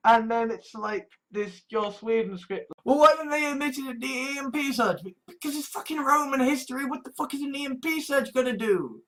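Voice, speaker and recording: A man ranting exasperatedly in a monologue vlog, swearing heavily. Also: extremely high pitch. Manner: heavy swearing, exasperated rants. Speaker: vlogger.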